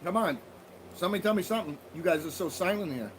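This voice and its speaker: A man chats with viewers on his livestream in a loose, profane, joking way. His voice sits high, and he speaks into a phone or tablet at home. A faint hiss runs underneath. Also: lively intonation, fast. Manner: loose, profane, laughing banter. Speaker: livestream host. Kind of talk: casual livestream chat with viewers.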